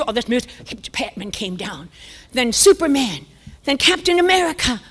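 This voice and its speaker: A woman's voice: a little high, normal speed. An older woman, speaking at a church conference and telling a funny story, acting out the voices with sudden jumps up and down to whispers. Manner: animated, acts out dialogue with voice jumps and whispers. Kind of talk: humorous storytelling talk. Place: church sanctuary. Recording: long church hall reverb.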